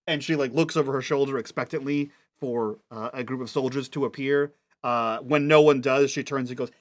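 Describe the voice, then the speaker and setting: A man narrating a tabletop game as game master, halting often as he searches for words. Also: medium pitch, fairly even intonation. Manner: halting, full of fillers and restarts.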